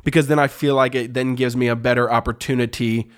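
A man's voice: medium pitch, level tone, fast talker, clear, resonant tone. A man in his thirties co-hosting a podcast with his wife, talking bluntly and directly, often restarting his sentences. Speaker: podcast co-host. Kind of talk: casual conversation. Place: quiet room with cameras and lights.

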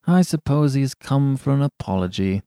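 A man reading aloud who voices a sulky, embarrassed young gentleman. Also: medium pitch, animated, normal speed, clean tone, no echo, clean studio sound, voice pushed up, lightly acted. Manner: sulky, rueful.

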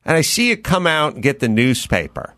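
Lively middle-aged male host. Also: medium pitch, a little fast, no echo, studio quality. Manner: rambling, self-deprecating, quotes his own thoughts. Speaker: podcast host. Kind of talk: casual storytelling chat.

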